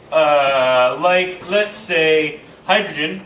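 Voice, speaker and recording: A male teacher lectures a class in a loose, joking way, thinking aloud with filler sounds. His voice is bright and forceful. It is picked up from a distance in an echoing classroom with faint room noise. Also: a little high, extremely slow. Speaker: chemistry teacher.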